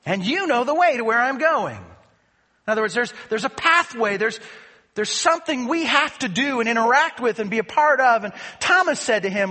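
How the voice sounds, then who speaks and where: A man's voice: very high voice, expressive, normal speed, bright, forceful tone. A man preaching a sermon as pastor, speaking emphatically and posing rhetorical questions to the congregation. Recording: long reverb of a large hall.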